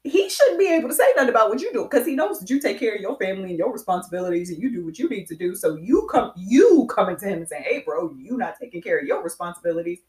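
A woman co-hosting a casual chat, frank and animated, laughing often. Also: medium pitch, fast, hardly any pauses, roomy sound.

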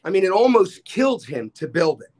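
A man's voice: high voice, brisk, breathy edge. A man, telling stories as a podcast guest and acting out the people he quotes. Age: 60s. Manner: animated storyteller, acts out quoted dialogue. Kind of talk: casual storytelling chat.

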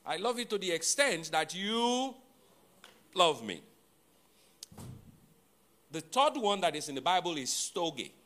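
A man delivering a sermon in a bright, fairly high voice that swings widely in pitch. He takes his time, repeating and spelling out important words. He tosses playful asides to the congregation. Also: sing-song, slow pace, long pauses. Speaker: pastor.

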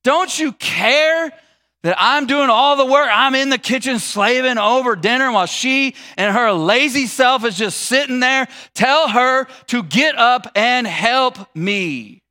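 A man's voice: very high voice, lively intonation, a little slow, sharp tone, voice pushed up, full character voice. A man voicing an exasperated woman who whines indignantly about her sister. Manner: whiny, indignant.

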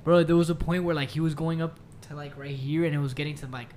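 A man's voice: a little high, fairly even intonation, fast talker, a little mellow, a little hiss or hum. A young man co-hosting a podcast, telling stories in a laid-back, swearing, laughing way. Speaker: podcast co-host. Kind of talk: casual chat.

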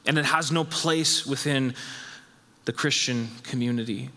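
A man preaching a sermon as pastor, emphatic and repetitive, his voice rising high when he stresses a point. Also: a little slow, sharp tone, big-room sound. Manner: emphatic, repeats phrases, rises in pitch when stressing a point.

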